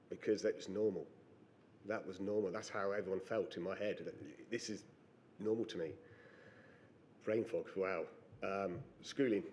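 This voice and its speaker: A middle-aged man giving personal testimony on a panel, halting and reflective with pauses and fillers. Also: fairly low pitch, darkish tone, a little hiss or hum. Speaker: panel witness.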